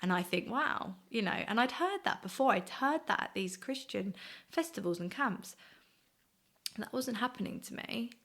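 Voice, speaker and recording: A woman, sharing a personal faith testimony in an earnest, reflective, halting way. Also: a little high, expressive, fairly bright tone. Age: 20s. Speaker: guest sharing her faith story.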